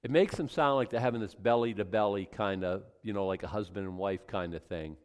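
A man's voice: on the low side, brisk, in a large hall. A man teaching a Bible study in a casual, conversational way, reading scripture aloud then commenting with frequent restarts.

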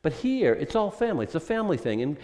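Conversational male pastor, rhetorical and animated, church hall reverb. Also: fairly high pitch, quick pace. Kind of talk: sermon.

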